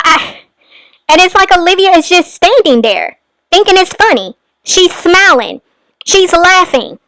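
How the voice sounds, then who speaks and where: Woman, reaction commentary, indignant, emphatic, high voice, dry close mic. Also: fairly bright tone, no echo. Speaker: commentary host.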